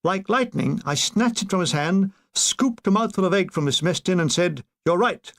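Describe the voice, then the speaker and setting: A man reading a war memoir aloud as an audiobook, telling it in a wry, expressive way. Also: sits high, moderate pace, gravelly. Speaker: audiobook reader.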